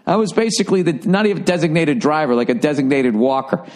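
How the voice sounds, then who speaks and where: Talking fast in a fairly high pitch, this middle-aged man from around Boston hosts a podcast and rambles through a casual, swear-heavy story, getting lively when he imitates other people's voices.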